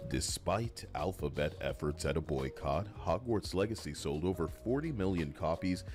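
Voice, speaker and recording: Man, very deep voice, sarcastic gaming commentary, rambling and mocking, faint music underneath. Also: expressive, normal speed. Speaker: host.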